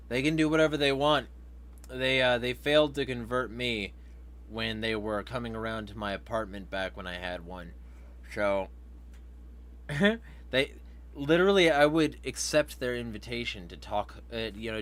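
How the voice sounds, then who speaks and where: A man's voice: mid-range voice, moderate pace, fairly bright tone. Man, livestream host, casual vlog talk, mid-range voice, profane, laughs often, reads chat.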